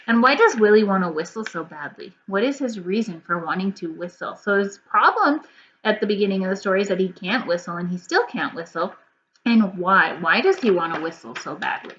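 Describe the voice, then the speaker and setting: A woman teaching a recorded first grade reading lesson. She talks patiently, sounds words out slowly and keeps checking in with "okay?". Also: mid-range voice, expressive, fairly bright tone. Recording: dull lo-fi audio with faint hum.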